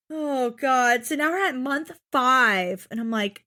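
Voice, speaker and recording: High-voiced exasperated woman podcaster. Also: takes it slowly, sharp tone. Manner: exasperated, swears a lot, acts out quotes. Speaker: podcast co-host. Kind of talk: casual recap chat.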